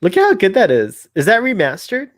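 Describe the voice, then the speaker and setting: A man's voice: high-pitched, wildly swooping pitch, brisk. Playful laughing male co-host. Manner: playful, laughs often, chatty asides. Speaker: podcast co-host. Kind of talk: casual fan commentary.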